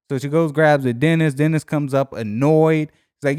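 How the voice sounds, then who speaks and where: A young adult man casually telling a story on a podcast, animated and profane, acting out both sides of each conversation. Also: on the high side, fairly quick, hardly any pauses, smooth, dry recording, clean studio sound. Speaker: podcast co-host.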